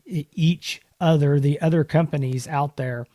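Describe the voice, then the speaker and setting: A man's voice: on the high side, steady tone, moderate pace, dark tone, no room sound, clean studio sound. A man co-hosting a podcast in casual chat, telling stories animatedly and laughing often. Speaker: podcast co-host.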